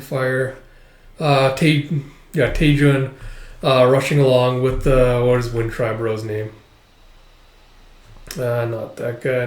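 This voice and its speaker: A man's voice: medium pitch, darkish tone, roomy sound. A man recapping a manga volume in a rambling, casual way, full of fillers. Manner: rambling, filler-heavy retelling. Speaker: manga reviewer.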